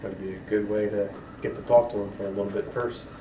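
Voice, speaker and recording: Player, man, easygoing jokes, deep-ish voice, clear noise and clicks behind. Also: flat delivery, quick pace, mellow, poor audio. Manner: easygoing, joking. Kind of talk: playing a tabletop game.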